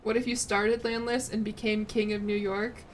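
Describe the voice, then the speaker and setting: A woman game streamer talks at a moderate pace in a medium-pitched voice with little pitch movement, and a faint hiss or hum sits under the audio. Chatty and a bit rambling, she reads messages from chat aloud and makes self-deprecating jokes as she plays.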